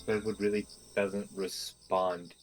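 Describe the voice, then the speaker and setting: A man calmly describing his character's state in a tabletop game. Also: deep voice, slow pace, soft background music, rough recording. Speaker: player.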